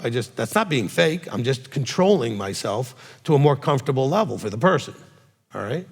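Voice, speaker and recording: A man, a rabbi, answering questions from his congregation in a direct, animated way, often checking in with a quick "okay?". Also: mid-range voice, slightly rough. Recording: long hall reverb.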